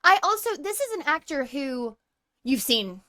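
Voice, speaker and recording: A woman's voice: sits high, normal speed. A woman co-hosting a podcast, chatting casually and animatedly about a movie, swearing freely. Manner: animated, swears, laughs easily. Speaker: podcast co-host. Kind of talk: casual movie review chat.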